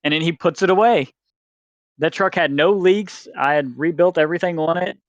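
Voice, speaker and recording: A man's voice: a little high, moderate pace, no room sound, highs cut off. A man telling a rambling story as a podcast guest, swearing freely and acting out the people he quotes. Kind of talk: casual storytelling.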